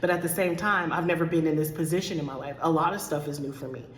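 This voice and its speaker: A woman's voice: low-pitched, steady tone, fast. A woman life coach talking candidly to her followers, choked up and close to tears, repeating herself and calling her viewers y'all. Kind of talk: direct-to-camera talk to followers. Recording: echoey room with long reverb.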